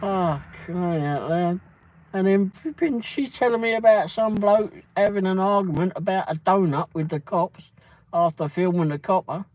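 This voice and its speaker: A man's voice: sits high, normal speed, darkish tone, no echo, rough recording. A man hosting a livestream from a truck cab, telling a casual story full of swearing and the word "flipping". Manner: swears a lot and keeps saying "flipping". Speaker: livestream host.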